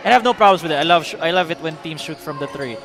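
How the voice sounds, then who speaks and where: A man's voice: fairly high pitch, rapid-fire, gravelly, over music. A man with a Filipino accent calling a live basketball game play-by-play, switching between English and Filipino. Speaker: play-by-play commentator.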